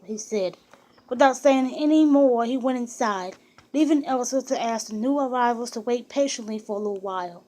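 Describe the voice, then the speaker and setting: A woman narrates a biography in a steady, even storytelling voice. Her pitch sits somewhat high, and she occasionally restarts a phrase. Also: normal speed, poor audio. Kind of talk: audiobook reading of a biography.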